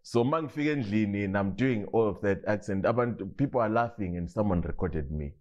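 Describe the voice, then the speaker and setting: A man with a Zimbabwean Ndebele accent, a comedian telling stories in a relaxed interview. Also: fairly low pitch, fairly quick, lo-fi sound. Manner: relaxed storytelling with frequent restarts and laughs. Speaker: comedian guest. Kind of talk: casual interview, mixing English and Ndebele.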